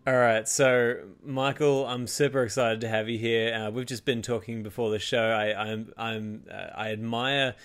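Australian male podcast host, mid-pitched, talky, lots of ums and laughs. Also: fairly even intonation, normal speed, few pauses, fairly bright tone, faint music behind. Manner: chatty, laughs often, many fillers and restarts. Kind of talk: casual podcast interview.

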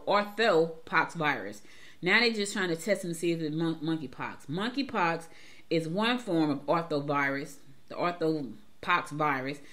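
A middle-aged woman from Georgia, hosting a morning show in a chatty, emphatic way and repeating herself as she talks straight to listeners. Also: on the low side. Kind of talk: casual talk-show commentary.

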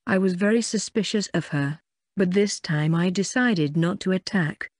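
A woman narrating a first-person fantasy audiobook in an even, plain reading. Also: on the low side, moderate pace, no echo, clean studio sound.

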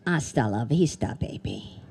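A woman doing a deep-voiced chinchilla. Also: expressive, measured pace, creaky, a little mellow, a little hiss or hum, exaggerated voice. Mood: deadpan. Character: chinchilla answering in a deep slow voice.

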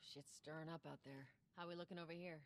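Woman playing a brisk, wry smuggler. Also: sits low, fairly even intonation, lightly acted. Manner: brisk, no-nonsense. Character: tough adult female smuggler, brisk and wry. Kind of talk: video game dialogue. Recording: game audio with faint ambient noise.

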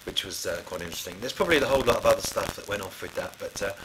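Low-ish and animated, a middle-aged man races through his studio stories in a rambling, offhand manner, restarting often and leaning on fillers. The background is noisy.

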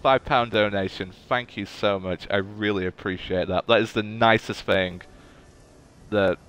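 A man's voice: on the low side, steady tone, unhurried, fairly bright tone, clean tone. A man streaming a game live, chatting casually and gushing emotionally to his viewers.

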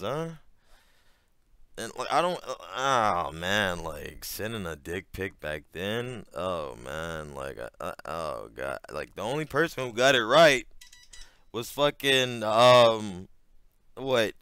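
A man's voice: fairly low pitch, a bit bright, clear, resonant tone, dry recording, studio quality. A man giving casual reaction commentary, rambling with lots of fillers, frequent swearing and laughter.

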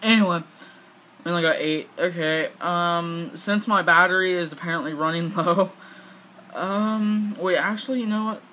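A man with a high, bright voice gives casual play-by-play of a video game. He talks in a slow, drawn-out way, gets excitable, and talks back at the game. A faint hiss of background noise sits under his voice. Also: low-quality recording. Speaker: gaming channel host. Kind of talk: casual gameplay commentary.

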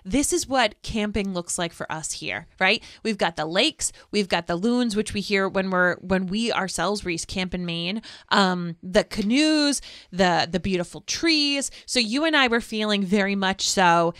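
A woman in her forties from New England, hosting a casual podcast recap in an animated, playful way. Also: mid-range voice, measured pace, few pauses, dry recording, studio quality. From New England, United States. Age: 40s. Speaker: podcast host.

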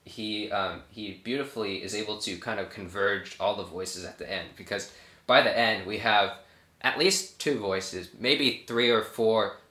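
A young man, a cellist, explaining a piece in a relaxed, casual way with frequent fillers. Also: fairly low pitch, measured pace. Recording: echoey room with cello playing.

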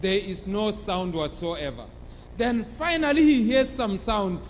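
A man preaching from the pulpit, his voice sitting very high for a man. He tells a Bible story dramatically and acts out its characters. Long reverb rings around him in a church hall. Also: measured pace, slight background noise. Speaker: pastor.

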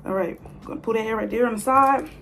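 A woman's voice: fairly high pitch, fast talker, creaky, fairly bright tone, soft background music. A woman in her twenties chatting casually to viewers while styling a mannequin's hair, playful and talkative, recorded on a phone. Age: 20s. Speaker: hair vlogger. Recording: phone video with faint noise.

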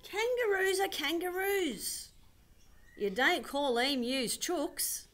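A woman's voice: extremely high pitch, lively intonation, slow pace, fairly bright tone, pitched above the performer's own voice, heavily acted. A woman voicing a grumpy, fed-up male koala who rants in rhyme in a storybook reading. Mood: indignant. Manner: indignant, ranting in rhyme.

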